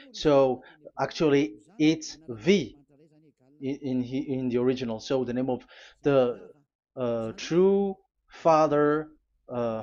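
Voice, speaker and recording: A man preaching a sermon, teaching at a board, pausing often with fillers and restarts and spelling out letters. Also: medium pitch, a little mellow, dull audio.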